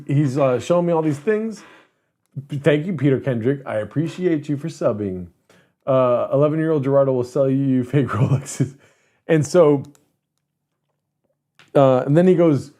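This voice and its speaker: A man's voice: mid-range voice, moderate pace, mellow. A man in his thirties, a streamer host, telling a story to his live chat in a rambling, profane way. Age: 30s. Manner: rambling, profane, self-interrupting.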